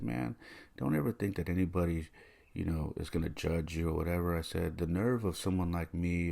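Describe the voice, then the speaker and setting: A middle-aged podcast host with a low, creaky, husky voice and a darkish tone tells a personal story. He's casual and conversational, uses many fillers, and acts out the voices of the people he quotes.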